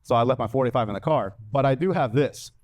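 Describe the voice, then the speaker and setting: A man's voice: medium pitch, fast talker, a little mellow, no room sound. A man doing stand-up comedy, telling a story in a brash manner and acting out the lines of other people in put-on voices.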